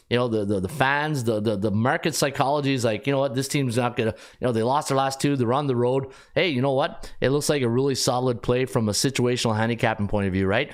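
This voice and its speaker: A middle-aged man hosting a sports betting podcast, talking casually in an animated, rambling way with frequent restarts. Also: mid-range voice. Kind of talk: casual live-stream talk.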